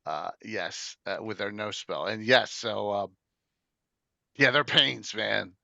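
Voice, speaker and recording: A man's voice: lowish voice, takes it slowly, vocal fry, sharp tone, no echo, muffled recording. A middle-aged man hosting a casual tabletop gaming chat, rambling with many fillers and restarts. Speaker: podcast host.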